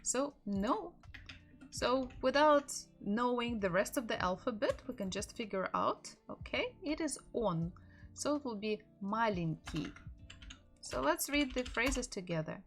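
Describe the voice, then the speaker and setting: A woman's voice: a little high, expressive, a little slow, faint music behind. A woman with a Russian accent teaching an online language lesson, patiently repeating each word several times.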